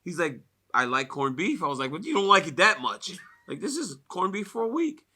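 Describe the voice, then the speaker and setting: With a high-pitched, fairly quick voice, an American man at a fight media day shares casual stories. He laughs frequently and his speech is full of fillers, especially "like."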